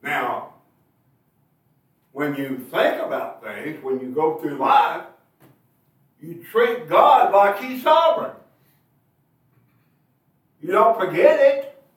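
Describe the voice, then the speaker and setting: A male preacher with a high, animated voice delivers a sermon, tossing rhetorical questions to his listeners and hammering home his points. He sounds set back from the mic, and the church room echoes heavily around him. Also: slow, long pauses, far from the mic. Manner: rhetorical tag questions, emphatic bursts.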